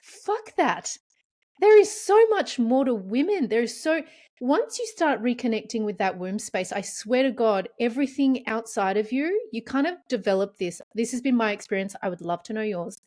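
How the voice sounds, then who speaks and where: A woman's voice: fairly high pitch, moderate pace. A woman hosting a podcast, telling personal stories in casual conversation, open and emotional. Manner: open, emotional, animated storytelling. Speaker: podcast host.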